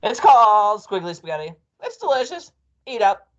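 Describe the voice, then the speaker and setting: A man voicing a nasty old woman, a cackling hag, in a screechy, shrill voice. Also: sing-song, moderate pace, fairly bright tone, highs cut off. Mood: sly.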